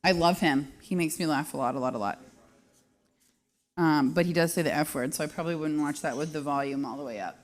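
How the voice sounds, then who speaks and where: A woman's voice: low voice, a little fast. A woman in her thirties hosting a live show, chatting casually and joking at her own expense. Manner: self-deprecating, joking, laughs often. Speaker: host.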